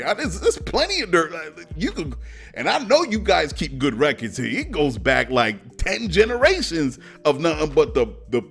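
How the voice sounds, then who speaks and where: A man's voice: lowish voice, fairly bright tone. A man hosting his own podcast and riffing in loose, slangy, casual commentary. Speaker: podcast host.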